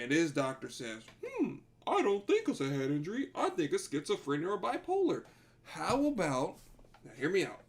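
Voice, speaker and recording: A man's voice: a little high, gravelly. A man hosting a livestream, reacting to a video in a casual, exasperated way. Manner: animated, exasperated, says bruh a lot.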